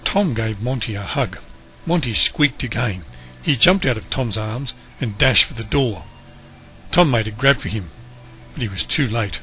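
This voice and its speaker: A man reads a children's story aloud, expressive and animated, his voice rising and falling with every turn. The tone is bright and clear, at an ordinary pitch. Soft music plays faintly behind him. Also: a little slow. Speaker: storybook reader.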